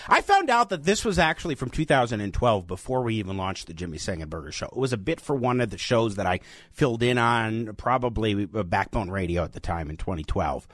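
A male radio host interviewing a guest, asking questions in a measured, deliberate way. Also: fairly low pitch, big pitch swings, fairly bright tone, no echo.

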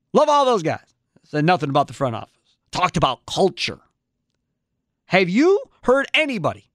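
Man, sports talk radio host, fired-up rant, rhetorical questions, bright voice, dry studio sound. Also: on the high side, dry recording.

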